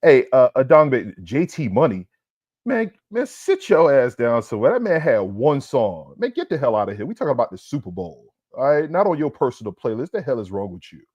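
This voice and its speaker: A man hosting a podcast in a casual comedic rant, loud and profane, always tacking on "all right?". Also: mid-range voice, very animated, a little fast, hardly any pauses, husky, no echo, highs cut off. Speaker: podcast host.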